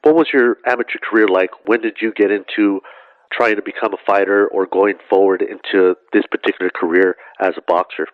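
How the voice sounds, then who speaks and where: Low-voiced interviewer on a dull recording. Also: male voice, steady tone, no echo. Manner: halting, padded with "you know". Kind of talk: casual interview questions.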